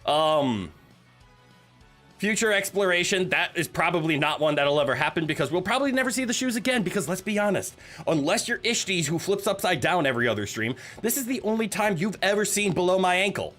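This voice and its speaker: A man's voice: high voice, animated, a little fast, a bit bright, faint music behind. A man streaming live, chatting casually with his viewers in a nervous, joking, giggly way. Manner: chatty, joking, talks to chat.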